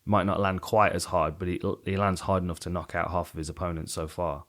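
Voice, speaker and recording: A man's voice: deep voice, level tone, brisk, a bit bright. A middle-aged man co-hosting a podcast, casually breaking down fights and often restarting his sentences. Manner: thoughtful, self-correcting, trailing off mid-sentence. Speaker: podcast co-host, fight analyst. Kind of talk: casual chat.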